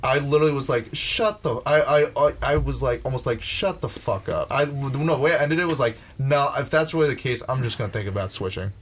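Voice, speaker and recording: A man's voice: medium pitch, fast, few pauses, a little hiss or hum. A young man in casual podcast chat, ranting with heavy swearing and frequent restarts. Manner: profane, ranting, with many restarts.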